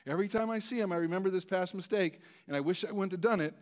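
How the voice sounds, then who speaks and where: A man's voice: high-pitched, fast. A male pastor preaching a storytelling sermon in a conversational, self-deprecating way, with many stammered restarts.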